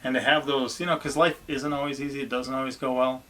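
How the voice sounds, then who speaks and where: A man's voice: medium pitch, little pitch movement, fast, bright, forceful tone. A man, a family vlogger chatting casually and encouragingly about his children. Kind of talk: casual chat.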